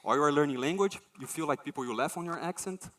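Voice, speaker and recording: Slightly high-pitched and quick, a man delivers a conference talk full of stories. He gets animated and voices the people and objects he quotes.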